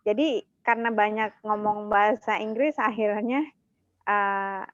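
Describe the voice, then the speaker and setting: An Indonesian-accented woman co-hosts a relaxed English-teaching chat, lively and quick to laugh as she mixes two languages. The recording is dull and lo-fi. The room sounds dead and dry. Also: mid-range voice, no room sound, faint music behind. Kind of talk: casual bilingual chat.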